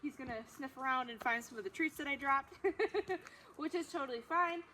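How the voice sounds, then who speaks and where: A woman dog trainer explaining a training demonstration in a friendly way, breaking into high-pitched, excited praise for the dog. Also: moderate pace. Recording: noisy background ambience.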